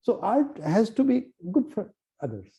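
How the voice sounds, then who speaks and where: Talkative poet guy, slightly high pitch, acts out the voices, kinda muffled recording. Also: measured pace. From Nepal. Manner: lively, acts out quoted dialogue, many restarts. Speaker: poet and translator. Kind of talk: animated storytelling in conversation.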